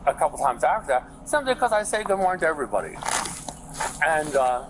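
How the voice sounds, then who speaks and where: A man's voice: fairly high pitch, sing-song, fast talker, low-quality recording. A man in his seventies rambling to police about what happened, chatty and repeating himself, recorded outdoors on a body camera. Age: 70s. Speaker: witness talking to police. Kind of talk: rambling storytelling. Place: outdoors on a street. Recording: outdoor body-cam audio with background noise.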